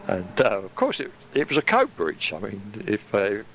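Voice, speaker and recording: A man recounting his past in a recorded reminiscence, animated and casually swearing. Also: fairly low pitch, moderate pace, dull audio, slight background noise.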